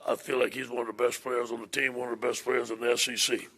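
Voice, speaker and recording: A man's voice: medium pitch, level tone, fast talker, fairly bright tone. A man speaking as a head football coach at a press conference, plain-spoken, often repeating and restarting his words.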